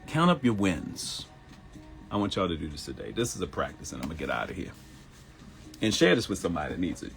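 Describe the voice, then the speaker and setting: A man in his thirties hosts a live motivational talk show, animated and laughing, mimicking people in high voices.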